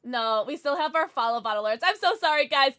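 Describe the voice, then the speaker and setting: A woman streaming a game live, chatting with her viewers in a bubbly, excitable way, sometimes mumbling, sometimes shouting. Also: high voice, brisk, no room sound, clean studio sound. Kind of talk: live gaming stream chat.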